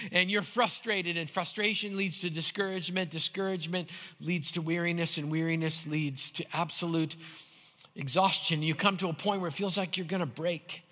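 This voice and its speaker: A man's voice: high voice, bright, forceful tone. A man, a pastor, preaching a sermon to a nearly empty church, building repeated refrains with dry humor. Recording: echoey hall.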